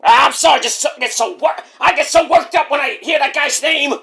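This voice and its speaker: Brief: a ranting, easily enraged wrestler ghost with a high, sharp, shouting voice, put on by a man. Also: vocal fry, soft background music, exaggerated voice. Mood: apologetic outburst. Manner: shouting, ranting, quick to apologize.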